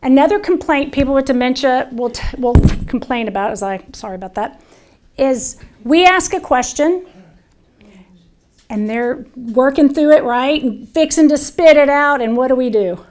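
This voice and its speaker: A woman with a Southern US accent leads a caregiving workshop in a slightly high voice. She speaks earnestly and conversationally, often stopping to restart a phrase. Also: animated, moderate pace, a little mellow. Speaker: dementia care educator. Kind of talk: presentation to an audience.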